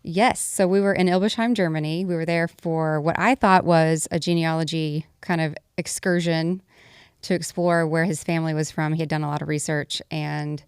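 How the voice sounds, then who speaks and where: A woman's voice: deep voice, fairly even intonation, normal speed, smooth, dry recording, studio quality. A woman, chatting casually as co-host and telling plainspoken stories. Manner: friendly, plainspoken storyteller. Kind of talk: casual chat.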